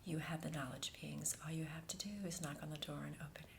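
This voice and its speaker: Rich: A hushed, solemn feminine spirit guide, as a woman channels her, speaking in a whispered role-play. The voice sits low and flat, with a gravelly edge, and it moves slowly and gravely. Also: slight background noise.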